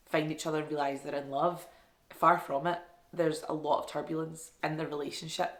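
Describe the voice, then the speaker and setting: A woman chatting casually about books she loved, enthusiastic and self-deprecating. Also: low-pitched. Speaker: book reviewer. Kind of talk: casual book review vlog. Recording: echoey room.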